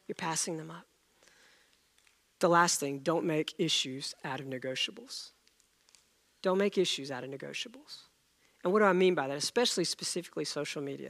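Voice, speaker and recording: A middle-aged man preaching a sermon, telling a story and acting out the dialogue with lively energy. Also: on the high side, vocal fry. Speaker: pastor.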